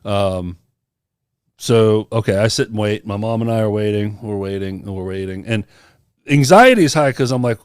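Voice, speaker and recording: A man's voice: fairly low pitch, moderate pace, clean tone, dry recording, clean studio sound. A man on a podcast telling a personal story in casual chat, acting out the people he quotes. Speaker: podcast co-host.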